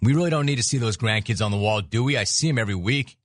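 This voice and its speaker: A man's voice: mid-range voice, no echo. A man hosting a sports talk radio show, riffing in a sarcastic, mocking way. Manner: sarcastic, mocking, rapid riffs.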